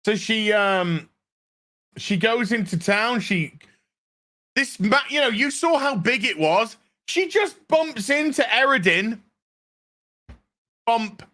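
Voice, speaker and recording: A man's voice: sits high, animated, takes it slowly, pauses often, bright, forceful tone. A man ranting sarcastically and with a lot of swearing while reviewing a show. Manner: sarcastic, profane.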